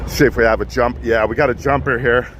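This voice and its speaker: A man's voice: medium pitch, steady tone, a bit bright, slight background noise. Breathless man streaming live on-scene. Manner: urgent, halting, repeats himself. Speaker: live street news streamer. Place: outdoors on a freeway bridge. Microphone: phone.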